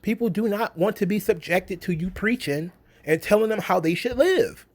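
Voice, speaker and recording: A man's voice: high-pitched, animated, normal speed. A man in a casual opinion rant about wrestling, blunt, sarcastic and profane. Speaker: wrestling commentary vlogger.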